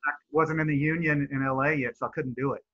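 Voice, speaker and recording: A man's voice: fairly high pitch, fairly even intonation, quick pace, pushed and bright, highs cut off. A man hosting a casual interview, friendly and hesitant, with many fillers. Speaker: interview host.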